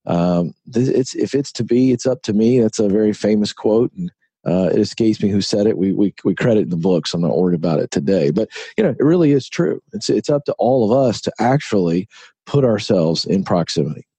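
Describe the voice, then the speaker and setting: A man's voice: lowish voice, expressive, fairly quick, dark tone, breathy edge, dry recording. A middle-aged man, an author and broadcaster, speaking earnestly in an interview and telling stories with emphatic repetition. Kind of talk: conversational interview.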